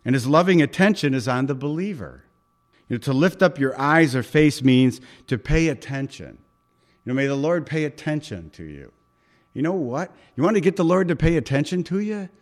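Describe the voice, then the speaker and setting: A man's voice: a little high, expressive, moderate pace. A male pastor preaching a sermon at an evening church service, emphatic and repeating key phrases, with occasional chuckles.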